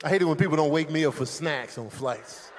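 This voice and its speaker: A man doing live stand-up comedy on stage, animated and loud, shouting out his impressions of airport staff. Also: fairly high pitch, a little fast, noisy background. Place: comedy stage with a laughing audience.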